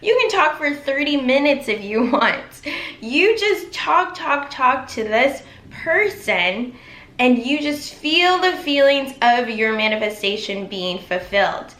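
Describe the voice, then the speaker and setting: Upbeat woman vlogger coaching her viewers, crisp, fairly high voice, roomy echo. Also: animated, takes it slowly, a bit bright. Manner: upbeat, encouraging, addresses viewers directly. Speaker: manifestation coach. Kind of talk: instructional vlog talk. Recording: echoey room.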